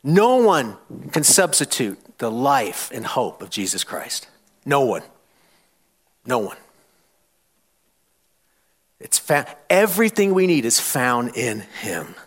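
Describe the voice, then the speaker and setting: A man's voice: mid-range voice, big pitch swings, slow pace, pauses often, husky. A man preaching a sermon in church, reading scripture and calling out questions to the congregation for them to answer. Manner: call-and-response preaching, rising to loud challenges; reads scripture aloud with emphasis. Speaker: pastor.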